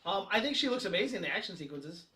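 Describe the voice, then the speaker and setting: A man's voice: sits high, sing-song, racing, bright, forceful tone, echoey room, recorded from a distance. A man co-hosting a casual movie review podcast, easygoing and hesitant. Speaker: podcast co-host.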